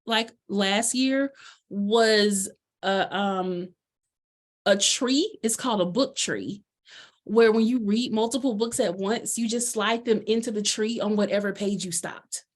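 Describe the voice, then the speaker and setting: A woman's voice: mid-range voice, unhurried. A woman coach talking casually about books in a presentation, bubbly and full of fillers. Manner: chatty, bubbly, lots of fillers.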